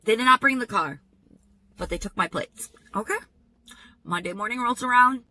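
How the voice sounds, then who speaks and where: A woman telling a personal story in a vlog, in an animated, emphatic storytelling manner. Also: a little high, moderate pace, low-quality recording. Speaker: vlogger.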